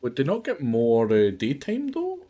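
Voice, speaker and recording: A man's voice: medium pitch, wildly swooping pitch, normal speed, warm tone. A man chatting casually while streaming a factory game, musing with many fillers. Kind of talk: casual gaming chat.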